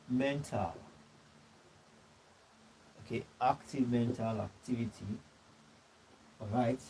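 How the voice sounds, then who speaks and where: A man with a Nigerian English accent teaching a course class, repeating his points, clearing his throat and checking in with "all right" and "you know". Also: medium pitch, slight background noise, poor audio. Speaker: course tutor. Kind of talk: classroom lecture.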